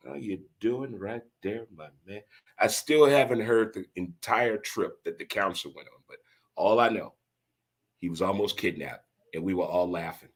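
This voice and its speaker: Husky, low-pitched male show host with a folksy, chatty monologue delivery. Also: normal speed. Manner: folksy, repeats catchphrases, addresses listeners directly. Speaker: podcast host. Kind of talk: casual talk show monologue.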